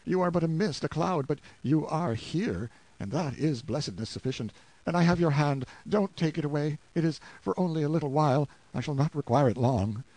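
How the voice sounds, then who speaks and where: A man's voice: on the high side, a little fast, a little mellow, no echo, close to an everyday voice. A man voicing a delirious dying man who speaks in broken, pleading, tender phrases. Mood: yearning.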